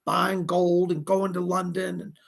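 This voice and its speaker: A man's voice: high-pitched, flat delivery, measured pace, creaky, heavy background noise. A man hosting a casual psychic livestream, chatty and fussy, greeting viewers and scolding a pet companion.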